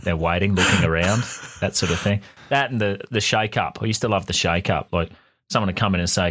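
A man's voice: low-pitched, a little fast, fairly bright tone, husky. A young Australian man co-hosting a podcast, telling stories in a dry, sardonic, profane way. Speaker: podcast co-host. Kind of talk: casual chat.

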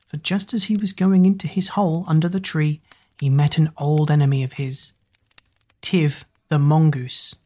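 A woman gently reading a bedtime story aloud, soft and unhurried. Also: low voice, husky.

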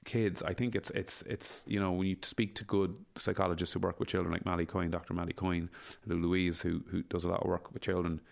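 A man's voice: low-pitched, little pitch movement, brisk, vocal fry. A man in his forties, talking emphatically as an interview guest, repeating himself and swearing freely. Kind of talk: casual conversational interview.

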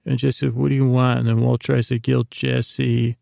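A man's voice: medium pitch, flat delivery, moderate pace, gravelly, mellow, dry recording, studio quality. A man hosting a sleep podcast, casually rambling through a show recap with many fillers and restarts.

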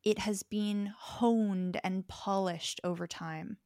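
A woman's voice: medium pitch, fairly even intonation, takes it slowly, a little mellow, dry recording, clean studio sound. A young woman speaking as a guest in a podcast conversation. She talks thoughtfully and explains her ideas through examples. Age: young adult.

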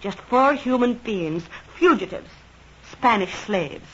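A woman's voice: fairly high pitch, expressive, slow, fairly bright tone, breathy edge, exaggerated voice. A jealous, devoted tavern girl; old radio play, muffled recording. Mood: defensive. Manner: fierce, jealous, emotional. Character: devoted young woman Kitty, tavern girl. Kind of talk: old radio drama acting.

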